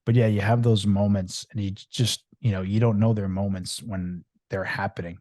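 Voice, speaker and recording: A middle-aged man, a podcast guest telling his story in a rambling, animated way, with many fillers and restarts. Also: on the low side, moderate pace, no room sound. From Long Island, New York. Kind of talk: candid storytelling interview.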